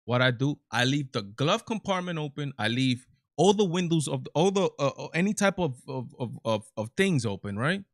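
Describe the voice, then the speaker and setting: A man's voice: fairly high pitch, sing-song, moderate pace, no echo, clean studio sound. A man hosting his own live commentary stream, talking emphatically with many repeats and restarts. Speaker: show host.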